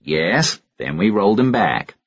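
Guy doing a dry smirking local cop, higher voice, kinda husky, dull lo-fi sound. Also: very animated, unhurried, no room sound, exaggerated voice. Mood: dry amused. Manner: dry, knowing, amused. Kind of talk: audiobook character voice.

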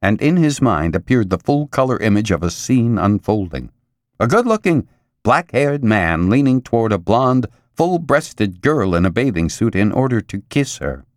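Expressive male audiobook narrator. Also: fairly low pitch, dry recording, clean studio sound. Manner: measured, expressive reading with dramatic pauses. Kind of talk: scripted narration.

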